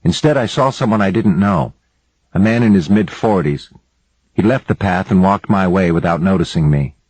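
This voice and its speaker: A man narrating an audiobook in the first person with steady, even storytelling. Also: low-pitched, moderate pace, breathy edge, no room sound, low-quality recording.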